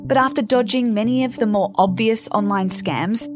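A woman's voice: fairly high pitch, normal speed, over music. A woman narrating a scripted news report in a polished reporter's delivery.

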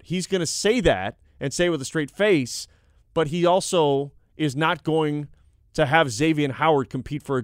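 A man's voice: on the high side, clean tone, dry recording, clean studio sound. A young adult man hosting a sports radio show, reading listener texts aloud and reacting in a casual, conversational way.

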